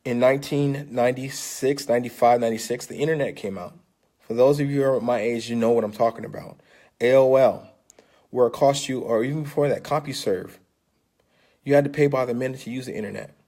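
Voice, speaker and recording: A man's voice: medium pitch, brisk, dark tone. An older man talking into his phone camera in a casual vlog, coaxing and salesy, and often checking in with his listeners. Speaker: vlogger pitching an investment. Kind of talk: casual persuasive vlog talk.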